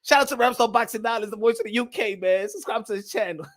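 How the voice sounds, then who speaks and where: A man hosting a boxing channel in casual reaction commentary, excitable and profane, laughing often and repeating himself. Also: high voice, fast. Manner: repeats himself, bursts into yelps.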